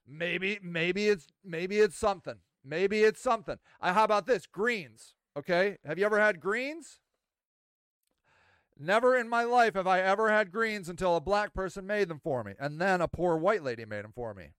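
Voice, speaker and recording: Podcast host, man, high smooth voice, dry close sound, rambling and animated. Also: normal speed, dry recording. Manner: rambling, self-mocking, animated. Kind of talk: casual monologue.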